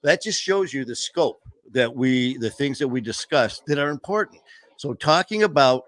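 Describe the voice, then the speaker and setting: A man's voice: medium pitch, animated, moderate pace, fairly bright tone, no room sound. Guy hosting a chat show, rambles a lot, dry sound, not much room. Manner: rambling, with many fillers and restarts. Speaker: host. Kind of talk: casual chat.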